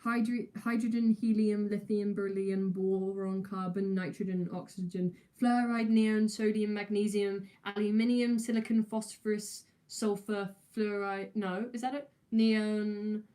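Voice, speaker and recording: A woman's voice: medium pitch, little pitch movement, unhurried, few pauses, dark tone. Hesitant young New woman streaming. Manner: hesitant, many fillers and restarts, giggly. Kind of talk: casual livestream chat answering viewers.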